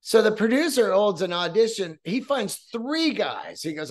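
A man hosting a podcast, telling a story in a casual, profane, excitable way. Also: high voice, moderate pace, few pauses. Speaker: podcast host.

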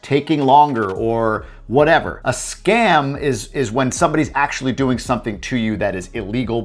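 A man from Michigan hosting his own channel, talking to camera in a direct, upfront, conversational way. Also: medium pitch. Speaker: YouTube host.

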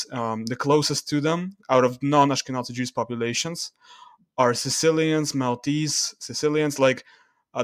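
A man talking through charts in a casual screen-share video, loose and halting, with restarts and fillers as he reads the numbers. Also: medium pitch, fairly bright tone, dry recording, clean studio sound. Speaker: video creator.

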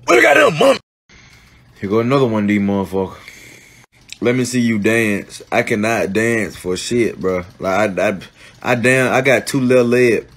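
A young man, talking in casual comedic commentary, animated, slangy and quick to laugh and swear. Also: lowish voice. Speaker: content creator.

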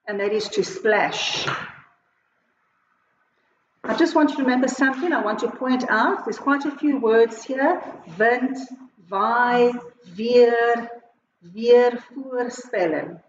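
A South African woman teacher giving a slow, clear lesson, switching between Afrikaans and English as she explains words and a short poem. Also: high-pitched, slight background noise. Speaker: primary school teacher. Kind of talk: recorded online Afrikaans lesson. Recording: echoey, muffled home video recording.

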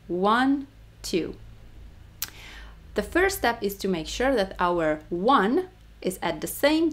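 A woman's voice: medium pitch, creaky. A woman with a Hungarian accent teaching a rhythm lesson, counting the beats aloud and stressing the first. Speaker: music teacher.

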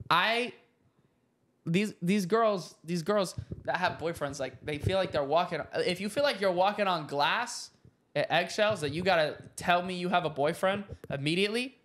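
High-voiced young man, animated podcast chat. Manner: animated storytelling, slangy, jokey. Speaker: podcast co-host. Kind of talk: casual chat.

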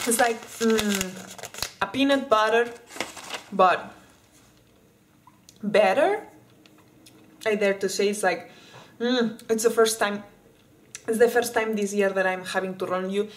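A woman from Spain talks through a candy taste test in a loose, chatty way, eating and breaking off mid-word as she goes. Her voice sits at a middle pitch. A faint noise hums under the recording. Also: rough recording. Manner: chatty, eating while talking, restarts words. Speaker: vlogger.

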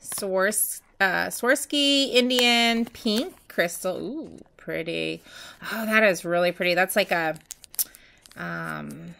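A woman's voice: medium pitch, takes it slowly, gravelly, pushed and bright, clean tone. A woman vlogger chatting casually and gushing as she unboxes nail art, with many ums.

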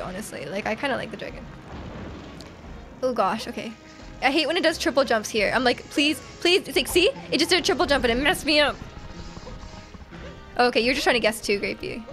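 A young woman live-streaming a video game, giggling, reacting excitedly and teasing her chat as she plays. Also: high voice. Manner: reads chat aloud and teases viewers. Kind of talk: casual live game stream, chatting with viewers. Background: faint game music.

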